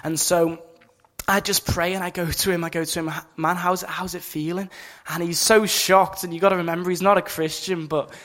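Young male Christian speaker, casual earnest testimony, slightly high flat delivery. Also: a little fast. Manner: earnest, casual, many fillers like "you know" and "just". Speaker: Christian speaker at a campus meeting. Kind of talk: informal sermon testimony.

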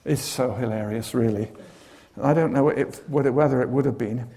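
A man's voice: medium pitch, a little fast. A man preaching a sermon, telling stories with dramatic flair and humorous asides. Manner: animated storytelling with humorous asides.

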